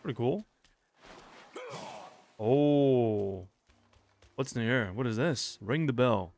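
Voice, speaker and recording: Excitable young man streaming a game. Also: mid-range voice, takes it slowly, vocal fry. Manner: excitable, swearing, shouting reactions. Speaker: gaming streamer. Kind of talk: let's play commentary. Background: game music.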